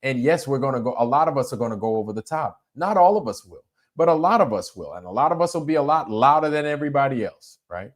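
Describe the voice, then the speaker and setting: A man hosting a casual livestream, talking in an animated way, swearing freely and leaning on filler phrases. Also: medium pitch, fast. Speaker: livestream host.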